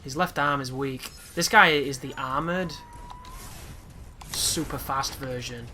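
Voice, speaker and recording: A man's voice: medium pitch, slow, a little hiss or hum. A man chatting through a game, reacting live and swearing at times. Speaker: gaming commentator. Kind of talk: casual gameplay commentary. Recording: loud game music behind.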